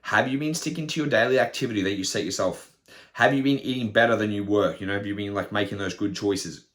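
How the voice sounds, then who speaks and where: A man's voice: lowish voice, fast talker, fairly bright tone. A young man, a personal trainer, talking casually on his podcast in a blunt, swearing, ranting way.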